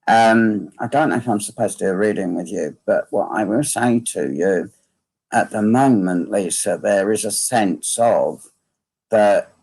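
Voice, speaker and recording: Slow, gravelly man giving a medium reading. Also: fairly low pitch, a little mellow. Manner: slow, repetitive phrasing, asking "can you understand this?". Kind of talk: live online mediumship reading.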